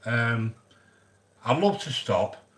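A man's voice: medium pitch, lively intonation, slow pace, fairly bright tone. A man chatting casually while hosting a cooking vlog, rambling and joking and greeting viewers by name. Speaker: cooking channel host.

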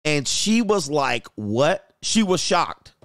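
A man hosting a dating commentary show, telling a story bluntly and jumping up in pitch when he quotes himself. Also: lively intonation, moderate pace, fairly bright tone, no echo, clean studio sound. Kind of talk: casual commentary reacting to clips.

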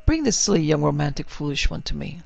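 A man voicing a calm, courtly French doctor with a French accent, soft and measured. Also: fairly high pitch, creaky, no echo, exaggerated voice. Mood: soothing. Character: dapper older French doctor, calm and precise. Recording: dry, slightly muffled recording.

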